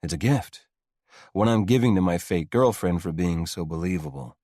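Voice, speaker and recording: An actor playing a confident, teasing rich young man in an audiobook, speaking smoothly with a low, gritty voice. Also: expressive, normal speed, warm tone, no room sound, clean studio sound. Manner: smooth, commanding. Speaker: love interest. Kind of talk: audiobook dialogue.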